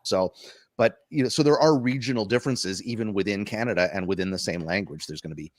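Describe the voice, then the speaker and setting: A man's voice: lowish voice, fast, no echo. A man giving friendly, plain-spoken test-prep advice as a guest in a webinar Q&A. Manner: encouraging, chatty, plain-spoken.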